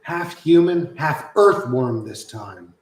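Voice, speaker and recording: A man streaming live, chatting loosely with lots of swearing and cooing softly to his pet. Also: a little high, animated, slow pace, echoey room, low-quality recording. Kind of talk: casual live-stream chat.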